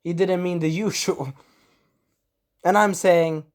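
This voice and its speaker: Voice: medium pitch, fairly even intonation, takes it slowly, long pauses. An anime reviewer rambling through an episode recap in casual chat, swearing and acting out quotes.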